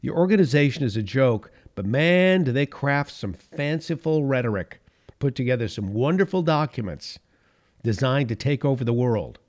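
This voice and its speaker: A man's voice: medium pitch, expressive, moderate pace. A middle-aged man hosting a political commentary podcast, talking with sarcasm, getting fired up and then pulling himself back down. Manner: sarcastic, heats up then reins himself in, chuckles at his own points. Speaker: podcast host.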